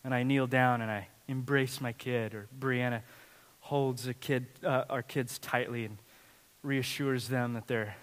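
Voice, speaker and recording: A man in his thirties preaching a sermon as a dad telling family stories, animated and swinging from loud to hushed. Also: mid-range voice, unhurried. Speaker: pastor. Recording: long hall reverb.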